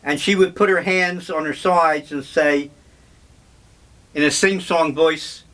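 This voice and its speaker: Slow, wry older man reminiscing. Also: a little high, steady tone, a bit bright. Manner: slow, wry, meandering storytelling. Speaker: vlogger. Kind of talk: casual reminiscing monologue.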